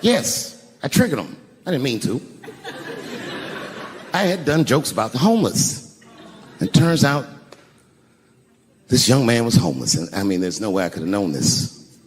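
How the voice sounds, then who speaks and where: Male stand-up comedian, lively pitch swings, long hall reverb, audience noise, profane storytelling. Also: moderate pace, long pauses. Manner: conversational, drawling, profane, sudden high-pitched outbursts. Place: live comedy venue on stage. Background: audience laughter.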